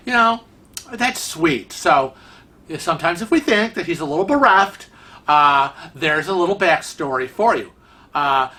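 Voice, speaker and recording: A man hosts his vlog with a touch of a Rochester, New York accent. His voice is bright and forward, and he rambles from point to point in a chatty, teasing way. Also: a little high. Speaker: vlog host. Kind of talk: casual vlog commentary.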